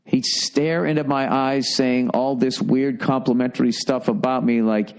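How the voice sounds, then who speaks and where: A man's voice: mid-range voice, fairly even intonation, a little slow, few pauses, smooth. A man hosting a podcast, reading listener letters aloud and cutting in with blunt, profane, exasperated asides. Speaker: podcast host.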